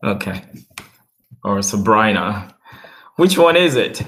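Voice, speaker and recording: A man's voice: lowish voice, takes it slowly, reverberant. A man with a mixed Australian and British accent, rambling in a casual livestream chat as he talks to viewers.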